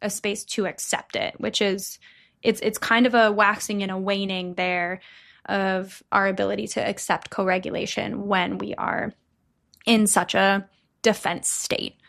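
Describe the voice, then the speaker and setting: A podcast co-host with a creaky, mid-range voice speaks in a level tone at a measured pace. She explains things in an earnest, casual chat, sometimes dropping into a soft, gentle voice.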